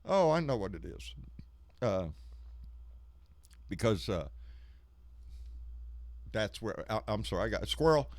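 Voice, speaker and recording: A man's voice: on the low side, big pitch swings, unhurried, pauses often, no room sound. A middle-aged man, hosting a live stream in casual, rambling, folksy chat and swearing freely. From Texas. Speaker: live show host.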